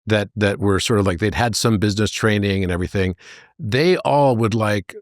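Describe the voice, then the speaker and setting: A man as a podcast guest, telling anecdotes in an animated way and jumping into high voices for the characters. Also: normal speed, no room sound, studio quality. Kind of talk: conversational storytelling.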